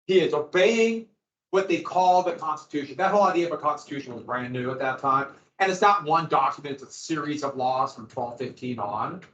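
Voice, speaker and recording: This man's voice runs on the high side, brisk and a bit bright, as he casually talks his students through a history lesson in class. Captured on echoey, dull lo-fi classroom audio, it's a conversational lecture.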